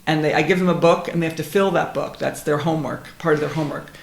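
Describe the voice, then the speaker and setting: A woman's voice: low-pitched, steady tone, fast talker, creaky, echoey room. A woman guest, a transformation coach, talking earnestly about gratitude and personal growth on a podcast. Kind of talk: reflective podcast conversation.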